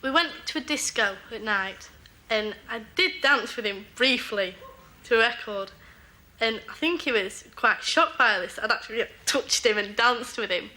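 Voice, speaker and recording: A woman's voice: on the high side, expressive, moderate pace, sharp tone. A woman with a northern English accent, telling cheeky stories in an interview and laughing as she goes. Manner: chatty, cheeky, laughing storyteller. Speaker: game show contestant. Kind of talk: casual interview anecdotes.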